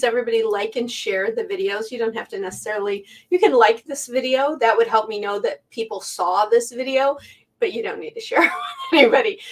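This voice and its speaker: A woman's voice: fairly high pitch, fairly bright tone. Chatty middle-aged woman, heartfelt. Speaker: quilting channel host. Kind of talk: casual talk to camera. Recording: voice a bit far from the mic.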